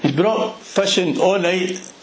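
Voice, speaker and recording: A man with a Glasgow accent preaching a sermon, retelling a Bible story in an animated way with plenty of local slang. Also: high voice, unhurried, roomy sound, low-quality recording. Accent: Glaswegian Scottish. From Scotland. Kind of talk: expository sermon.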